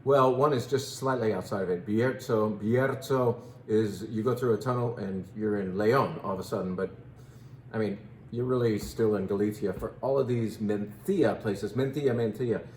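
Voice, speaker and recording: A man's voice: fairly low pitch, normal speed, darkish tone, reverberant, a little hiss or hum. A man in his fifties hosting a casual wine tasting, chatting playfully and joking about how to pronounce names. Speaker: wine shop host.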